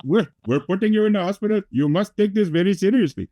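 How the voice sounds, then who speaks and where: A man's voice: high-pitched, lively intonation, fast talker, warm tone, no echo, voice pushed up. A man putting on a grave male hospital doctor with a heavy accent and stiff, formal phrasing. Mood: firm.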